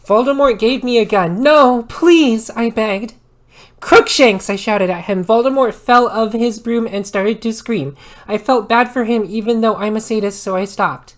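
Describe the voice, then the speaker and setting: A woman doing an ASMR maid role-play, reading aloud with dramatic delivery and sudden loud outbursts. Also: fairly high pitch, normal speed.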